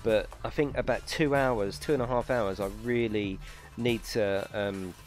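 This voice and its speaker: A man's voice: on the low side, steady tone, unhurried, soft background music. A man hosting a live racing stream from his home rig, chatting casually with viewers, swearing and exaggerating as he talks.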